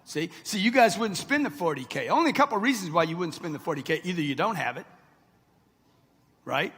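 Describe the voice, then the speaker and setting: A man's voice: high voice, lively intonation, fairly quick, fairly bright tone, husky. A man in his sixties gives a brash, punchy motivational speech, talking straight to a live crowd in a large event hall. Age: 60s. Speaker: motivational speaker. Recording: long hall reverb.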